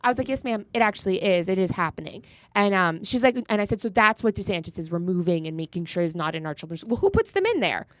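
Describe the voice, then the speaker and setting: A Florida woman in her thirties talks quickly in a lowish voice, with no room sound. Co-hosting a casual podcast about politics, she retells an argument as an animated storyteller, acting out both sides of the quarrel.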